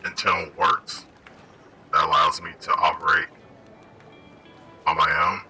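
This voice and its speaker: A man voicing a calm, self-aware automaton that speaks in a slow, measured, matter-of-fact way. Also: a bass voice, soft background music, pitched below the performer's own voice, exaggerated voice.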